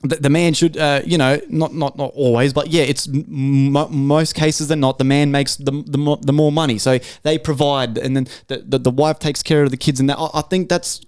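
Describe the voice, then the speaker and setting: This is a man hosting a podcast, his voice smooth and crisp on a dry, close sound. He rants freely, swearing a lot and restarting his sentences as he goes. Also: fairly high pitch, little pitch movement, moderate pace, few pauses, a little mellow, no room sound. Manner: swearing, rambling rant with restarts. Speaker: podcast host. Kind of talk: casual podcast chat.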